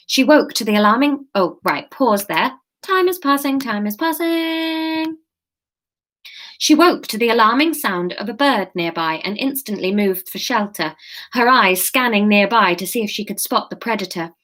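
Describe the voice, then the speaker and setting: A woman's voice: mid-range voice, expressive, moderate pace, a bit bright. A woman hosting an interactive live-stream story, reading it aloud and breaking off for chatty asides to viewers. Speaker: host and storyteller.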